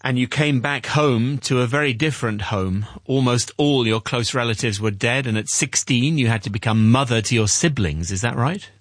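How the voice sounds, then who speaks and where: A man interviewing for a news report, asking short, gentle, prompting questions. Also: mid-range voice, normal speed, few pauses, no echo.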